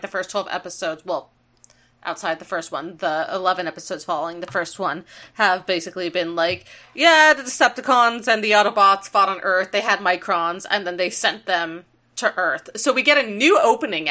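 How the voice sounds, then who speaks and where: A woman's voice: medium pitch, bright, forceful tone. A woman co-hosting a podcast, chatting playfully, teasing her partner and swearing casually. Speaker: podcast co-host. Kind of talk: casual chat.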